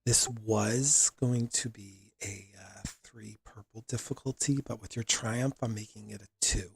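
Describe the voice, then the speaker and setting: Husky-voiced male game master. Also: on the low side, measured pace, no room sound. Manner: relaxed, with many fillers. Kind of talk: narrating a tabletop game.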